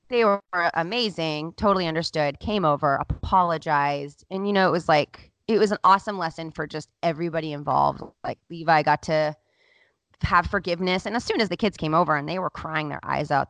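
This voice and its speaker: Low-voiced mom telling a story candidly. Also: female voice, no room sound. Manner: candid, emotional, heavy use of "like". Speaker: podcast host. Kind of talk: casual storytelling chat.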